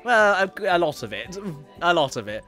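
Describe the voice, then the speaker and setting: A man's voice: sits high, very animated, pushed and bright. Chatty man streaming a game. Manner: chatty, reads viewer messages aloud with quick asides. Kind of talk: casual live-stream chat while gaming. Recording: faint game music behind.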